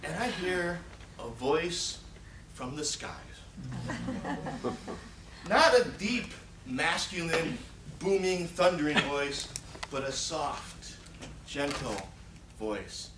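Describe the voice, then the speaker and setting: A man in his forties delivers a funny contest speech, his pitch sitting a bit high and leaping about as he acts out each moment. He takes his time over the lines. He is picked up from well back in a reverberant hall, with clear noise under the voice. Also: slow pace, pauses often. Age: 40s. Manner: animated, acts out scenes and shouted pleas. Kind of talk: humorous storytelling speech. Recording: echoey hall, distant mic, noisy.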